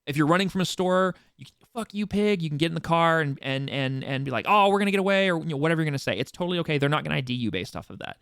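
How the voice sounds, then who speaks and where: A man with a fairly high voice rattles off reminders to his community at a quick clip, stumbling and restarting often. The sound is dry and close, with no room around it. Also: vocal fry, fairly bright tone, clean tone, dry recording. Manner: rambling, frequent restarts and fillers; informal, occasionally swears for emphasis. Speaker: roleplay server staff host. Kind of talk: casual community meeting announcements.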